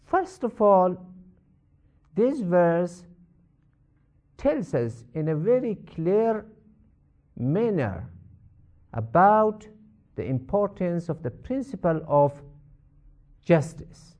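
A man teaching a lecture that explains a Quran verse, in a measured way that repeats each point for emphasis. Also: high-pitched, very animated, a little mellow. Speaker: religious teacher.

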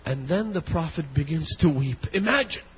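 Husky high-voiced guy preaching a sermon, gets fired up then goes quiet, muffled lo-fi sound in a big echoey hall. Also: animated, slight background noise. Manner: impassioned, builds to near shouts and weeping intensity; hushed, slow storytelling voice. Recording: dull lo-fi audio in a long-reverb hall.

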